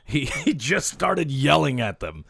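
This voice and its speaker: A man hosting a casual podcast, a stand-up comic who rambles with fillers, laughs often and gets excitable. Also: fairly high pitch, unhurried, vocal fry, slightly rough, no room sound, studio quality. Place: indoor podcast room. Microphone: studio mic, also on camera.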